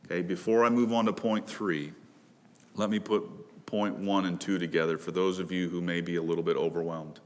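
A man pastor preaching a sermon in earnest, rising to loud pleas and dropping to hushed low lines. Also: fairly even intonation, normal speed. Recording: long reverb of a large hall.

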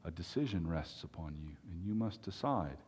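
Preacher, male, low voice, emphatic and earnest, reverberant hall sound. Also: lively intonation, darkish tone, a little hiss or hum. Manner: earnest, emphatic, with long pauses. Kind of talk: sermon.

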